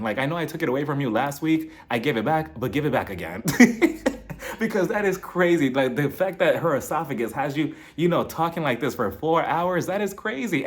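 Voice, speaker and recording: Lively, gossipy man recapping reality TV. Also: on the high side. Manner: animated, gossipy, laughs often. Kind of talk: casual recap commentary.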